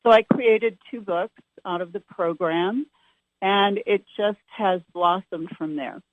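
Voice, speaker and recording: A woman with a New York accent, a ballet teacher guest on a radio interview, eager and quick to agree. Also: medium pitch, no echo. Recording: dry, phone-like narrow band.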